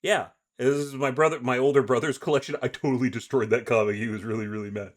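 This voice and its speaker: A man with an ordinary mid-range voice co-hosts a podcast in a relaxed, chatty way. He reads card text aloud, hesitates with filler words, and slips in quick personal asides. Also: mid-range voice. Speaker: podcast co-host. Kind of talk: casual rules discussion.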